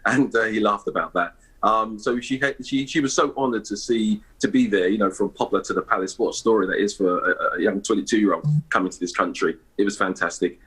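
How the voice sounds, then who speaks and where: A man's voice: lowish voice, brisk, hardly any pauses, a bit bright, breathy edge, low-quality recording. A middle-aged man, a guest in a live broadcast interview, talking hesitantly with many fillers and restarts. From East London, England. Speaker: interview guest, award ambassador.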